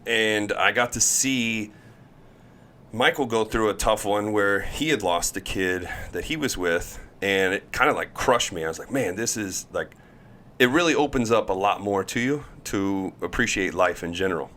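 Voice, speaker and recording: Animated storytelling man, low voice. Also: moderate pace. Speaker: podcast guest. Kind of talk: casual storytelling chat.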